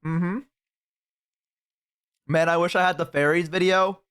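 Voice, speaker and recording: A man's voice: a little high, measured pace, clean tone. A young man streaming live, chatting casually with a guest and his chat, telling stories with acted-out voices. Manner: animated storyteller, mimics voices.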